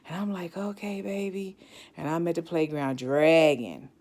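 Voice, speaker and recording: A woman's voice: deep voice, moderate pace, a little mellow. A woman telling her own story as a cancer survivor, reflective and candid, often restarting her sentences. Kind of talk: personal storytelling.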